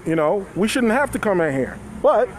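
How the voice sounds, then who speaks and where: A man's voice: high voice, sing-song, moderate pace. A man reporting live from a street protest on a handheld phone, loose and conversational, chuckling and talking to his viewers. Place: outdoors by a street. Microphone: phone held in hand. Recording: faint outdoor street noise. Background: passing cars and street noise.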